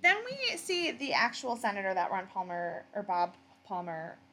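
A woman's voice: mid-range voice, sing-song, moderate pace, sharp tone. A woman with a Western New York accent co-hosting a podcast, rambling and self-deprecating in casual chat. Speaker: podcast co-host.

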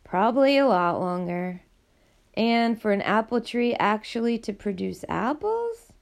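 A woman reading a novel aloud as audiobook narrator, in a steady, measured way with a gravelly voice. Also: fairly high pitch. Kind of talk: scripted narration.

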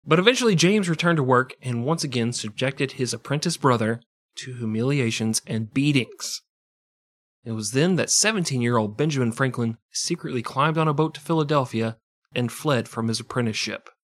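A man hosting a relaxed history podcast, with a voice of middling pitch. He mixes his reading with jokes and laughs a lot. The talk is loose and playful, not polished. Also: normal speed. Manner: jokey, laughs often, slips into silly accents. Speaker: podcast co-host. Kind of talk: casual comedic history podcast narration.

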